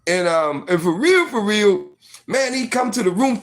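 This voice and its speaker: A man's voice: sits high, expressive, moderate pace. A man in his forties telling a personal story casually, full of fillers like "you know what I mean".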